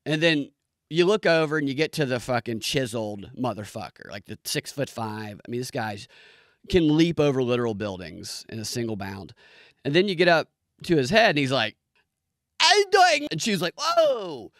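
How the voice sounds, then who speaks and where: A man's voice: brisk, dry recording, studio quality. A man giving a comedic, profane rant reviewing a show. He swears freely, jumps between ideas and mimics the people he describes. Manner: profane, animated, mimics people in squeaky voices.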